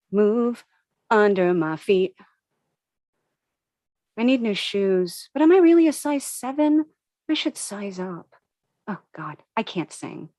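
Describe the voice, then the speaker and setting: Slow, wry woman reading with dry sound. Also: mid-range voice, dry recording. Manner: wry, expressive first-person delivery. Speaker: actor reading a story. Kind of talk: expressive comic story reading.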